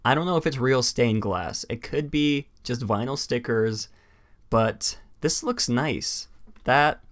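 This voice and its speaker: A man's voice: medium pitch, slow pace. A young man co-hosting a casual podcast chat, rambling with many fillers and restarts, and he has the hiccups. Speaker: podcast co-host.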